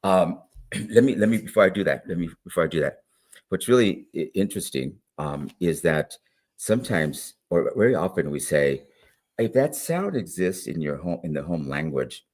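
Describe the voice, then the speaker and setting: A man with a low, deep voice talks through classroom teaching in a relaxed interview. His delivery is animated, rising and falling widely as he demonstrates sounds and checks in with "right?" and "all right?". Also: normal speed. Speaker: guest literacy educator. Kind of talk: conversational interview.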